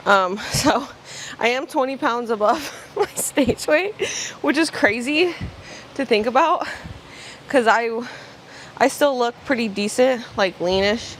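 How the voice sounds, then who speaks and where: High-voiced woman chatting at the gym. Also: expressive, slow, slight background noise. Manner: chatty, filler-heavy, says "like" and "bro". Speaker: fitness vlogger. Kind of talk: casual vlog chat during a workout.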